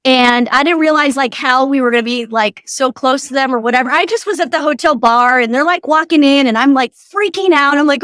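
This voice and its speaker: A woman in her forties, a podcast guest telling a story in casual chat, animated and acting out what people said. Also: sits high, fairly quick, hardly any pauses, clear, resonant tone, no echo, clean studio sound. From Southern California. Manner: animated storyteller, acts out quotes.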